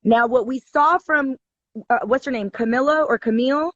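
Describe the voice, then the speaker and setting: Speaking at a normal speed in a high, slightly bright voice, this woman guest recounts a story over a live video call, swearing and pressing her points hotly during the casual conversation. The lo-fi stream audio is dull and dry, without any echo.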